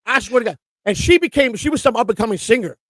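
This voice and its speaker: With a very high-pitched voice and lively intonation, this man talks fast and without echo. He co-hosts a live stream from home, spinning profane, meandering stories in casual chat and repeatedly restarting his sentences.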